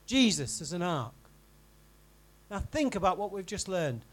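A man preaching a sermon in a church, in a conversational style that swings from emphatic to quiet and intimate. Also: high-pitched, big pitch swings, a little slow, poor audio. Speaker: pastor.

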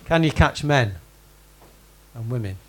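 A man's voice: mid-range voice, expressive, a little slow, a bit bright. A man preaching a sermon, talking conversationally and putting questions to the congregation by name. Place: church hall with congregation.

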